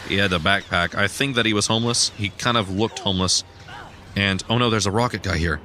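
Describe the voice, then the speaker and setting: A young man chatting casually while he plays a video game, self-deprecating and given to sudden excited yelps. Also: on the low side, brisk, slight background noise. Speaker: gaming streamer. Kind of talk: casual rambling gameplay commentary.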